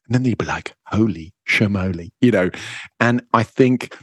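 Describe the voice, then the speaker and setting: A man hosting a podcast interview, asking measured questions with some hesitation and fillers. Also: medium pitch, slightly rough, no echo. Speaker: podcast host.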